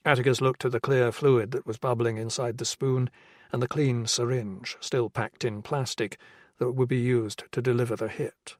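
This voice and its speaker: A man reads a crime novel as scripted narration, measured and even. His voice sits at a medium pitch. The recording is dry and close, with no room sound. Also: no echo. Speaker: audiobook narrator.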